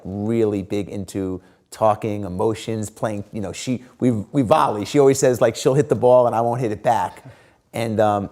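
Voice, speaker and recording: A middle-aged man, an interview guest, telling stories casually with many fillers and acted-out quotes. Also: on the low side. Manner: animated, lots of fillers and quoted dialogue. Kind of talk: casual storytelling.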